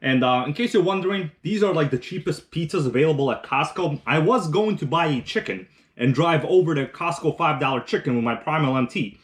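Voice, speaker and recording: A man's voice: on the high side, animated, brisk, few pauses. Chatty man hosting a live stream. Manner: rambling, chatty, reads chat comments aloud while eating. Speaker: livestream host. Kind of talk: casual live stream chat.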